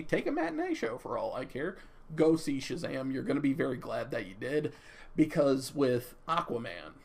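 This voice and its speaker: Young male reviewer, rambling and stammering, raised voice with fry. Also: fairly high pitch. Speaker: movie reviewer. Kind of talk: casual off-the-cuff review.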